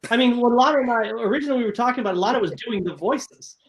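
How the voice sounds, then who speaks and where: A man chiming in eagerly with quick asides in a group Q&A on a video call. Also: very high voice, echoey room, a little hiss or hum.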